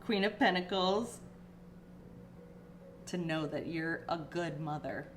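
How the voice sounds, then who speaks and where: A slow-speaking woman reads tarot casually and emotionally, chatting with many fillers, over a little hiss or hum. Now and then she gets teary and her pitch goes up.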